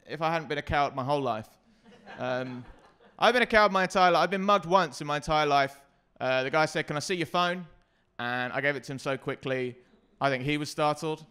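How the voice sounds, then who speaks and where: A man doing a stand-up comedy set, self-deprecating and hesitant with many ums, sometimes breaking into loud shouted bits. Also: fairly high pitch, lively intonation, brisk, clear, resonant tone.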